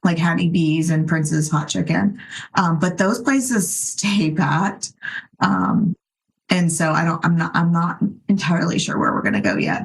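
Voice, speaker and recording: Chatty woman with a lively, swooping voice. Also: lowish voice, unhurried, creaky, poor audio. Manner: chatty, says "like" a lot, giggly. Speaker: podcast co-host. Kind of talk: casual chat.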